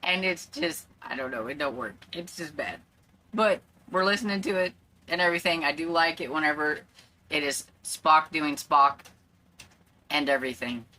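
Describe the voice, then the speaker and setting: Casual vlogger, a woman: low-pitched but bright and forward, talks in loose rambling asides, faint noise behind. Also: moderate pace. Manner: rambling and chatty, with many fillers. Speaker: book vlogger. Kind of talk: casual chat. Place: at home.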